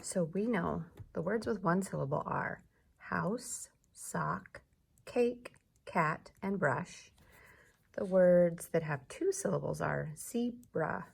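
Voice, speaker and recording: Slow, gravelly-voiced woman teacher. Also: on the low side, animated. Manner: slow, patient, encouraging, repeats words for clapping. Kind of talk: recorded remote class lesson for young children.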